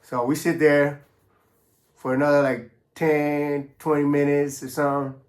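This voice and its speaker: A man's voice: fairly high pitch, level tone, a little slow. A middle-aged man casually recounting his past in a laid-back, streetwise way, full of slang and fillers. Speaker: former prisoner telling his story. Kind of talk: casual storytelling. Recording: roomy echo.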